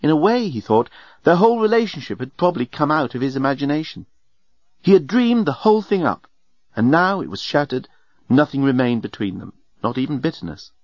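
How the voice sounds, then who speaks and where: A man with a fairly high voice narrates an audiobook, his storytelling measured yet expressive. The recording has no echo, but the high frequencies are cut off.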